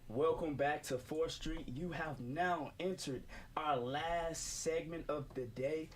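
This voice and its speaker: A man's voice: a little high, slow pace, slight background noise. A young man hosting a casual student radio sports show, joking and laughing often between segments. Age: young adult. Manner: jokey, laughs often, repeats "without further ado". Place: college radio studio. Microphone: studio microphone.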